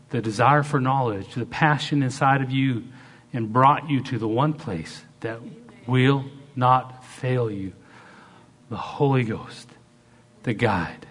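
A middle-aged male pastor delivering a lively sermon. He shifts from soft, almost hushed asides to loud, high bursts when he acts out what people say. His voice sits at an ordinary pitch for a man. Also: slightly rough. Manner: dynamic, swings between loud acted-out quotes and soft asides.

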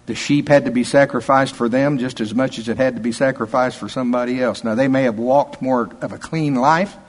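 A man preaching a sermon in a folksy, emphatic, conversational way, reading scripture aloud and then explaining it. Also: mid-range voice.

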